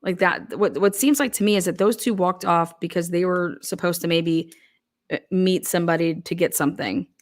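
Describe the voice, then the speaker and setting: A woman's voice: lowish voice, moderate pace. A woman giving casual, profane true crime commentary, blunt and heated, firing off rhetorical questions.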